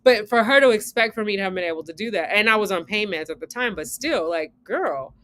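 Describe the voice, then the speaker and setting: A woman in her forties telling a candid story to her viewers in a casual chat, animated, switching between loud outbursts and hushed asides. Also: medium pitch, brisk. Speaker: vlogger and new mother.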